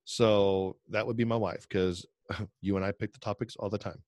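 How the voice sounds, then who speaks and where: A man's voice: lowish voice, steady tone, normal speed, a little mellow, no room sound, studio quality. A middle-aged man co-hosting a podcast, telling rambling stories and laughing often. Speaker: podcast co-host. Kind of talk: casual chat.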